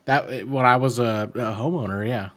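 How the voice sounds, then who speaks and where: A man co-hosting a podcast, tossing out deadpan wisecracks in casual chat. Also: mid-range voice, normal speed. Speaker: podcast co-host.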